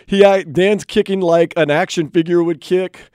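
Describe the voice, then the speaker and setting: A man's voice: sits high, fairly even intonation, moderate pace, darkish tone, smooth, no room sound. A man hosting a sports radio show in a studio, joking about himself between headlines. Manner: playful, self-mocking, jokey.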